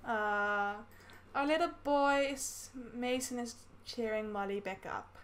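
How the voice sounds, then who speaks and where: A gaming YouTuber from the Netherlands takes it slowly as she chats through a life-sim game, describing each action in casual Let's Play style. Her voice is a little high, and a faint hiss or hum runs underneath.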